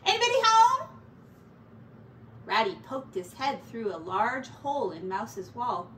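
Female teacher reading aloud, lively, slow, set back from the mic. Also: medium pitch, roomy sound. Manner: expressive storytelling. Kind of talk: reading a children's story aloud. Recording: distant mic with faint background noise.

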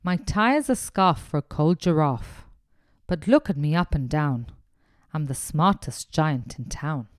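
A woman's voice: on the low side, big pitch swings, normal speed, no room sound, clean studio sound. A woman voicing a kind, proud giant in a storybook reading, cheerful and sing-song.

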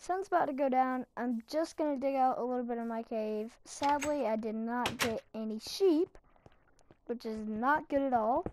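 A woman's voice: on the high side, a little mellow, no room sound. Chatty young woman gaming. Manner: chatty, rambling, self-mocking with laughs. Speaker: gaming channel host. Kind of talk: casual Minecraft commentary.

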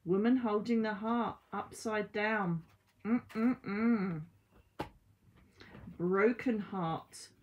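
A woman giving a casual oracle card reading at home, chatty and blunt, with swearing and lively asides. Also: mid-range voice, extremely slow, pauses often, muffled recording, a little hiss or hum. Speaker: psychic card reader. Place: at home by window blinds.

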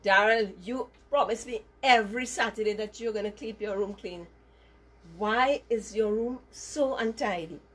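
A woman's voice: mid-range voice, normal speed, breathy edge, close to an everyday voice. A woman voicing a stern, fed-up mother scolding her untidy son in a children's story. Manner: scolding, insistent.

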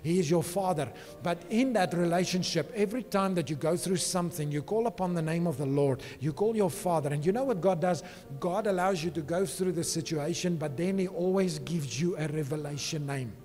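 A man preaching a sermon in a high, bright-pitched voice. He speaks with emphatic conviction and keeps checking in with his listeners. The sound carries a long hall reverb, with faint music underneath. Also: fairly quick. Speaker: pastor. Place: church.

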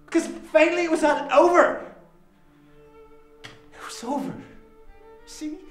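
A man's voice: extremely high pitch, a little slow, soft background music. An actor playing a troubled adult son who confronts his father in a raw, profane dramatic monologue. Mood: anguished. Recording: roomy echo.

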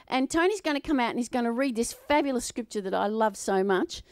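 A woman delivers a sermon in a chatty, conversational way and keeps turning to her listeners with questions. Her voice sits fairly high. The sound is close and dry. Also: expressive, fast talker, no echo. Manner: chatty, asks the audience questions. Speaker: preacher.

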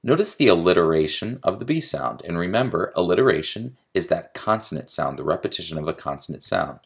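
Deep gravelly guy teaching poetry, husky voice, counts out the beats. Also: animated, a little fast. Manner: explains poetry step by step, tapping out meter aloud. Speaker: creative writing lecturer. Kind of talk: recorded video lecture.

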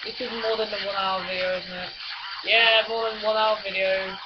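A woman's voice: mid-range voice, little pitch movement, moderate pace, very noisy. A woman chatting casually over a video game, giggly, rambling and full of crude jokes. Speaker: gameplay commentator. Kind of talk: casual gaming commentary with friends. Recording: lo-fi recording with clear background music.

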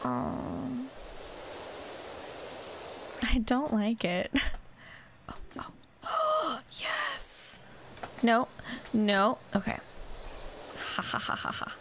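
A woman's voice: fairly high pitch, extremely slow, long pauses, fairly bright tone, slight background noise. A young woman chatting casually and rambling while she plays a video game. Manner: chatty, rambling, self-deprecating. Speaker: gaming vlogger. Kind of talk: casual chat while gaming.

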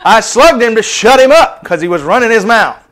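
Preacher, man, 50s, high-pitched voice, sermon delivery with animated rises and hushed asides. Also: moderate pace. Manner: animated preaching, dropping to soft asides then rising high.

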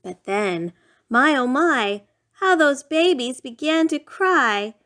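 A woman reads a rhyming picture book aloud at an unhurried pace. Her voice sits a little high, and she keeps a lilting, sing-song bedtime storytelling manner throughout. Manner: sing-song, lively bedtime reading with playful raised shouts.

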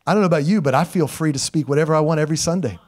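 With rapid-fire delivery and a voice on the high side, a pastor in his forties preaches energetically in a church sanctuary. He moves from loud calls to whispered tales and laughs at himself along the way.

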